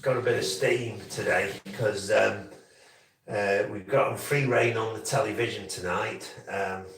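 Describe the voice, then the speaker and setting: A man's voice: on the low side, fairly even intonation, a little slow, creaky, a bit bright. Man with a frog in his throat, rambling livestream host, casual chat, humming between thoughts, echoey room, far from mic. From England. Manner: rambling, breaks into humming and crooning.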